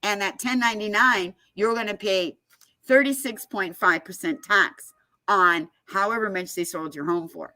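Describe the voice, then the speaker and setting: A woman's voice: mid-range voice, moderate pace, bright, forceful tone. A woman talking casually and emphatically, telling a story and explaining advice. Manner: emphatic storyteller, laughs often. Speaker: guest speaker on foreclosure fraud.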